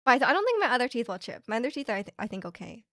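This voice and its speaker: A woman's voice: a little high, sing-song, very fast, fairly bright tone, dry recording, clean studio sound. A young woman streaming from Canada, telling a rambling, chatty story full of fillers and restarts. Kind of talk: casual chat. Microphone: streaming microphone.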